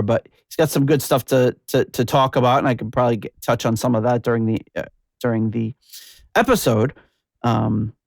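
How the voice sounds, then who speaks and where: A man's voice: mid-range voice, vocal fry, a little mellow, no room sound. Podcast host guy, chatty and rambly, dead dry close mic. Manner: rambling, lots of fillers and restarts, laughs easily. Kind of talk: casual podcast chat.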